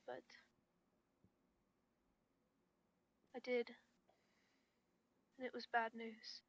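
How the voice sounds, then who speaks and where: A woman voicing a grieving, guarded young woman adventurer in a soft, near-whispered manner, as whispered role-play. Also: a little high, poor audio.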